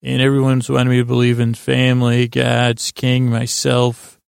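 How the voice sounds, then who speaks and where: A wry, self-mocking male adviser with a deeply gravelly voice, as a man reads his lines. He talks in a flat, even tone. The recording is close and dry. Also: measured pace, dry recording.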